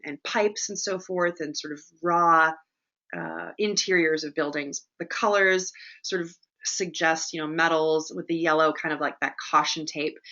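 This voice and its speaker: A woman coaching an audience in a webinar, lively and chatty, often checking in with "right?" as she teaches. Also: lowish voice, highs cut off. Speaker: presentation coach hosting a webinar.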